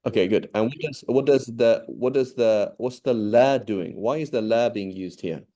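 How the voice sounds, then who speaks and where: A man's voice: lowish voice, moderate pace, dark tone. A man teaching an online Arabic grammar lesson, explaining patiently with everyday examples and often checking in with "okay?".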